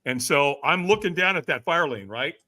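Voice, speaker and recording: Lively, bright-voiced middle-aged man storyteller. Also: fairly high pitch, normal speed. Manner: acts out quoted voices with big swings. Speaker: podcast guest. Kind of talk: animated storytelling.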